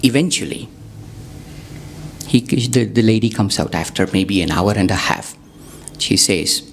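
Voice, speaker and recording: A man's voice: lowish voice, unhurried, long pauses, slight background noise. A man telling a spiritual story to a gathering, conversational, asking the audience questions and adding wry asides. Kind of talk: satsang storytelling talk.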